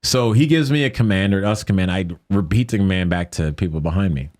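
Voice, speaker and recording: A man telling a story as a podcast guest in casual chat, lively and jokey, often acting out what people said. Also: fast talker, dry recording, clean studio sound. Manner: animated, acts out quoted lines in a higher voice; jokey, conversational with many fillers.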